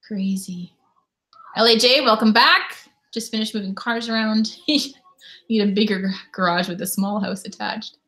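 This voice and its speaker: A woman chatting on her own during a live stream, reading and answering viewer comments in a relaxed, offhand way. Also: fairly high pitch, normal speed. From Canada. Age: adult parent. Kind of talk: casual live stream chat.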